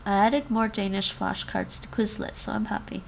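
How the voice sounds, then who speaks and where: A woman practices pronunciation on a language-learning livestream, casually chatting, repeating after an app, and laughing often while sniffly from a cold. Her voice is mid-range and creaky, with fairly even intonation and a normal pace, against slight background noise.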